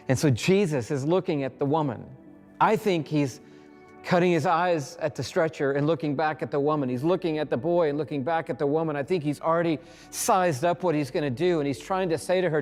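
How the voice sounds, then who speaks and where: A male pastor delivering a sermon, telling the story dramatically with pauses and acted-out lines. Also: a little high, darkish tone. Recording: reverberant hall with faint music.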